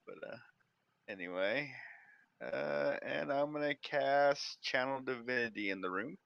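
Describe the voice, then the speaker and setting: A man playing a cleric in a tabletop game chats playfully while explaining his moves, his medium-pitched voice a little slow with vocal fry. The tone is clean with no echo, though it comes through a muffled lo-fi mic.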